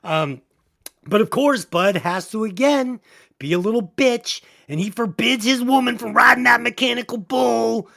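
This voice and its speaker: A woman's voice: a little high, normal speed, vocal fry, a bit bright. A woman co-hosting a comedy movie review podcast, ranting bluntly and swearing constantly in casual chat. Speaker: podcast co-host.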